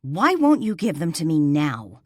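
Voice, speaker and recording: A woman narrator voicing a sharp, defiant heroine who speaks in insistent, clipped lines. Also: fairly low pitch, very animated, a little slow, no room sound, clean studio sound.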